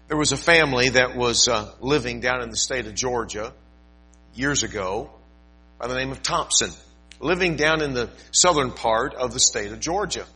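A man's voice: medium pitch, sharp tone, breathy edge, poor audio. An older man preaching a sermon, telling a story in a folksy way with asides and emphatic rises. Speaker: pastor.

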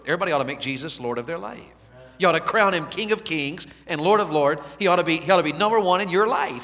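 A man preaching a revival sermon in a church, folksy and conversational, swinging from soft asides to shouted appeals. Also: on the high side. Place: church sanctuary. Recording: long hall reverb.

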